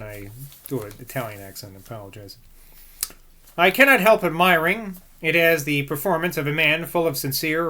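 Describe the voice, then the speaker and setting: Bright-voiced man reading an old book. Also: fairly high pitch. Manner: muses aloud and second-guesses himself between passages. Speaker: reader of a classic book. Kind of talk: reading aloud with casual asides.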